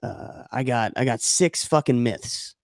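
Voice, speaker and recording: A man's voice: medium pitch, measured pace, no echo, clean studio sound. A man co-hosting a podcast, riffing in a crude, swaggering, jokey way. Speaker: podcast co-host. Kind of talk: casual crude banter, mock-macho segment.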